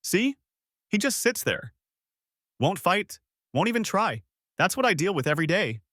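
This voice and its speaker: A man voicing a smug, combative young woman who brags and mocks in a sharp tone. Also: medium pitch, huge pitch swings, moderate pace, no room sound, clean studio sound. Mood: theatrical. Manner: mocking, boastful, sharp.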